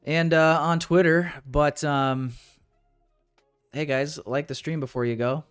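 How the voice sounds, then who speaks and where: A man's voice: a little high, steady tone, slow pace, clean tone, faint music behind. A young man talking casually through a live trading stream, rambling with restarts and sounding frustrated. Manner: frustrated, rambling, restarts, calls viewers boys. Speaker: day trader streaming live.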